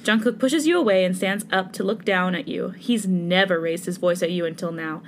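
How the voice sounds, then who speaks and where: A woman's voice: lowish voice, normal speed, a little hiss or hum. A woman narrating a fanfic aloud in a casual way, laughing now and then. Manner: casual, breaks into laughter while reading. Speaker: fanfic reader.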